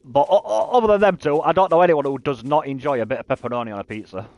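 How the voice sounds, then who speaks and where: A chatty British man in his thirties rambles while he plays a game on stream. He keeps tripping over his words and repeating them before he gets a sentence out. His voice sits at an ordinary middle pitch for a man. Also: quick pace, a little mellow, no room sound, lo-fi sound. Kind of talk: casual chat while gaming on stream.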